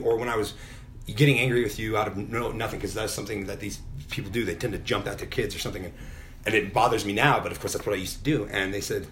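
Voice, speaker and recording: A man's voice: fairly low pitch, steady tone, fast, fairly bright tone, a little hiss or hum. A middle-aged man telling a personal story in a casual podcast chat, candid and full of swearing. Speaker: podcast guest.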